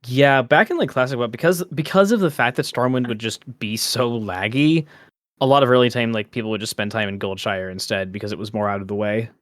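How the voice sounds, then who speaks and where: A man's voice: mid-range voice, a little fast, dry recording, clean studio sound. Rambling, laughing podcast co-host man. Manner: rambling, self-interrupting, laughs often. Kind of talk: casual gaming podcast chat.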